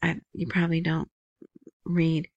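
A woman's voice: low-pitched, completely flat delivery, unhurried, vocal fry, darkish tone, slightly rough, no room sound, highs cut off. A woman hosting a casual news commentary, chatty, who often asks "right?". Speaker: video host.

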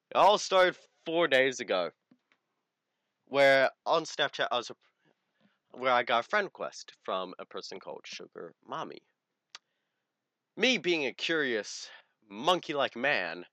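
A man's voice: mid-range voice, bright, forceful tone, no echo. A teenage man, telling a crude story in casual podcast chat. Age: teens. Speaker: podcast co-host.

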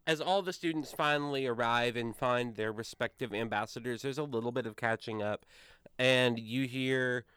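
A man running a tabletop game as game master, narrating in a relaxed, meandering way. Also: medium pitch, normal speed, smooth, dry recording, studio quality.

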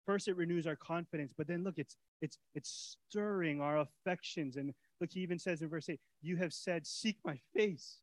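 High-voiced animated male preacher. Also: normal speed, few pauses, poor audio. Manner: animated, swings from soft to shouting; casual preacher's talk with fillers and repeats. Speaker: pastor. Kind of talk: sermon.

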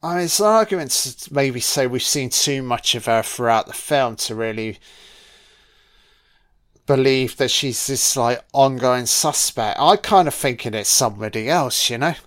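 A man's voice: medium pitch, moderate pace, a bit bright. A man giving a casual, jokey film commentary, swearing constantly. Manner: profane, jokey, heavy swearing.

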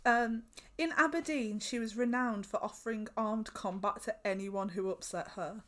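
A woman's voice: on the high side, moderate pace. A woman co-hosting a podcast, reading a true-crime story aloud in a casual, giggly way and swearing freely. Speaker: podcast co-host.

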